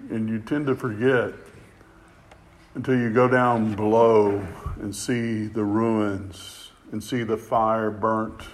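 A man preaching a sermon with passion. He climbs louder and higher to stress a point and often repeats words as he goes. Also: slight background noise. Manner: impassioned, rising in pitch and volume for emphasis, repeats words.

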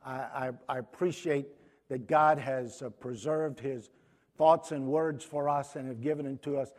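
A man preaching a sermon to his congregation, pausing often, restarting phrases and clearing his throat. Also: medium pitch, fairly even intonation, a little mellow. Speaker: pastor.

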